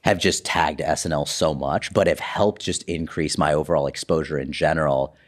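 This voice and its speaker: Podcast guest: young man, low voice, chatty, animated storyteller. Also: moderate pace. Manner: animated storyteller, lots of "like" and "you know". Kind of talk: casual podcast chat.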